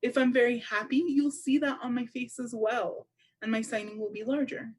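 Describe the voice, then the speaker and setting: Woman interpreter voicing a deaf speaker's seminar talk, kinda high voice, calm and explanatory. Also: normal speed. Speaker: sign language interpreter voicing a deaf presenter.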